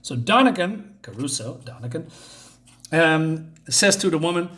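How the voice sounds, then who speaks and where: A man's voice: on the high side, animated, unhurried, fairly bright tone. A man casually reviewing a comic book, searching for words with many fillers and restarts.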